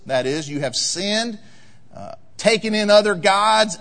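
Male pastor, sermon; high, very lively delivery, echoing hall. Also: unhurried. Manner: animated preaching, acts out voices, rises to loud emphatic peaks. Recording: long hall reverb.

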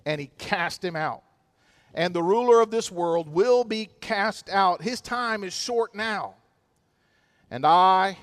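A pastor preaching a sermon, dramatic and emphatic, sometimes rising close to a shout. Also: male voice, high-pitched.

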